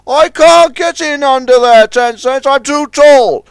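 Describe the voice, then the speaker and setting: Tall tugboat character, high, concerned, helpful, storybook, voiced by a man. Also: measured pace, no echo, studio quality. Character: tall posh male tugboat.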